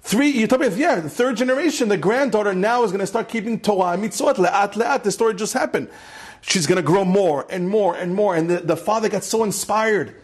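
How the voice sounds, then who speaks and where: Rabbi, male, higher register, animated storyteller who repeats phrases for effect. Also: brisk, husky. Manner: mixes Hebrew and Yiddish terms into English. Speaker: rabbi giving a Torah class. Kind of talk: storytelling Torah lecture.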